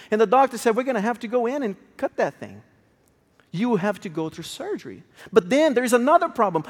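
Male preacher, high-pitched, emotional storytelling sermon, long hall reverb. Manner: emotional, swings from hushed to raised.

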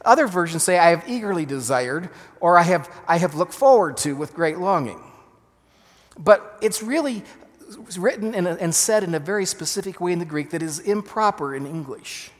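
Male pastor, earnest emphatic sermon delivery, slightly high voice, reverberant sanctuary. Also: expressive, moderate pace. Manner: earnest, emphatic preaching with self-corrections. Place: church sanctuary. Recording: long reverb of a church hall.

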